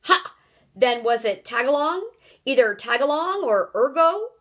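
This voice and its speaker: A woman's voice: lively intonation, a little slow, exaggerated voice. A woman voicing a panicky, whiny male president who calls for his nanny. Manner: shrill, childish, loud.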